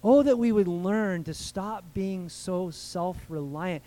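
A man's voice: sits high, takes it slowly, mellow, poor audio. A man preaching a conversational sermon from the United States, asking his listeners questions and calling for amens. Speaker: pastor.

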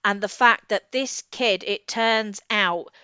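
Chatty woman, smooth dry voice. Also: mid-range voice, slow, sharp tone, no room sound. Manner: chatty, laughs often, trails off and restarts. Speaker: podcast co-host. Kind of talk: casual book discussion. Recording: slightly dull lo-fi audio.

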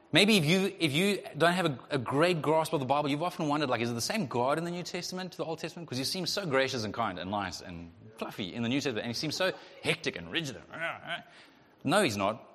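A male pastor preaching a sermon in a lively way, acting out the voices of the people in his story. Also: a little high. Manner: animated, acts out voices of God and the Israelites. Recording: long hall reverb.

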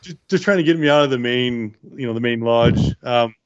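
A man's voice: mid-range voice, fairly quick, clear, resonant tone, dull audio. A man telling his survival story to interviewers in a rambling, good-humored way. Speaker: interview guest, bear attack survivor. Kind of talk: casual storytelling.

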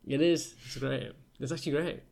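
A man in casual conversation, joking in a sarcastic, deadpan way. He co-hosts a podcast with a friend. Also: mid-range voice, a little fast, vocal fry. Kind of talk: casual chat.

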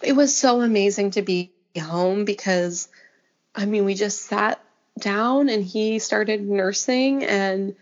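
A young woman appears as a guest on a podcast, telling her story in a casual interview. Her voice is mid-range and slow, and her chatty storytelling is thick with fillers. The audio is slightly dull and lo-fi.

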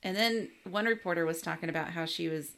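A woman co-hosting a podcast who chats casually about a movie, reacting quickly and laughing often. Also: on the low side, a bit bright. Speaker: podcast co-host. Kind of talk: casual movie recap chat.

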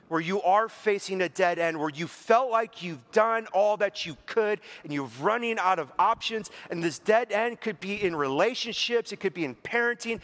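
Delivering a chatty, conversational sermon, this pastor has a voice that sits high and sounds a bit bright. He fills it with rhetorical questions and performs imagined inner voices.

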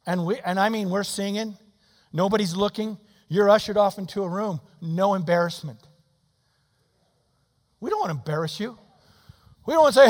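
A man in his sixties preaches an altar call in a church, his voice sitting high for a man. He drops to soft pleading and then rises to shouting. The sound carries a long hall reverb. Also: moderate pace, long pauses. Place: church sanctuary.

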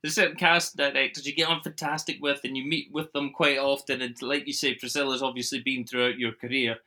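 A man hosting a podcast, chatting casually with friendly banter and quick laughs. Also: mid-range voice, flat delivery, bright, forceful tone. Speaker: podcast host.

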